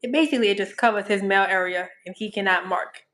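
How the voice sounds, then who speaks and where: A woman's voice: medium pitch, fast talker, a bit bright. A woman with a New Orleans accent, a dog trainer giving easygoing, practical advice in a live-stream interview and laughing often.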